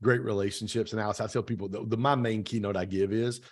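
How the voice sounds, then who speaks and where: A man hosting a podcast talks at a brisk clip, his voice a little husky. He tells stories with punchy, repeated phrases. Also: lowish voice, fairly even intonation, darkish tone. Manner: fast, emphatic storytelling with repeated phrases. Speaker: podcast host. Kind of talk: casual interview chat.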